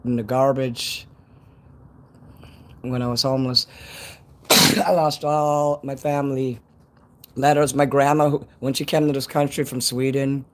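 A man's voice: mid-range voice, flat delivery, measured pace, pauses often. A man from Chicago with a Chicago accent, chatting casually on a live stream outdoors at night, rambling and swearing freely. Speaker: livestreamer.

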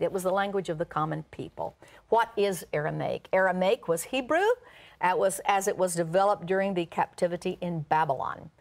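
A woman pastor teaching the Bible, reading scripture aloud and explaining words, with frequent "uh" fillers. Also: medium pitch. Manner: uses "uh" fillers.

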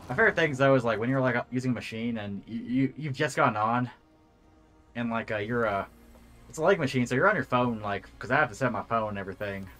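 A man's voice: mid-range voice, fast talker, fairly bright tone. A young man co-hosting a casual chat, rambling with lots of fillers and swearing freely. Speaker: co-host.

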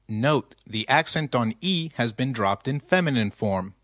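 A man teaching a scripted language lesson at a slow, deliberate pace. His mid-pitched voice is recorded dry and close, with no room sound. He repeats each phrase patiently so the learner can follow. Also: animated, fairly bright tone, dry recording.

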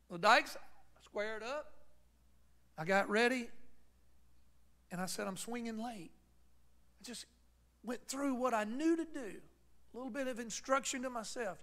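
Guy preaching at church, high voice, tells a story then gets fired up. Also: lively intonation, a little slow, pauses often, fairly bright tone. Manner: storytelling that builds to a fervent preach. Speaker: pastor. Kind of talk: sermon with personal story.

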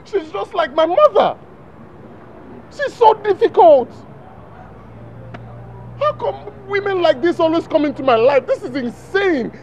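A man's voice: very high-pitched, very animated, unhurried, long pauses, darkish tone, muffled recording, exaggerated voice. An actor playing a young man pleading with his fiancée and his mother. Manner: pleading, exasperated. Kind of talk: film drama.

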